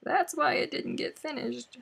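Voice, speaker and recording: Slow, gravelly-voiced chatty woman crafter. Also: high voice, fairly bright tone. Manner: chatty, exclaiming, mutters to herself while working. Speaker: crochet live stream host. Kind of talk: casual live-stream chat while crocheting.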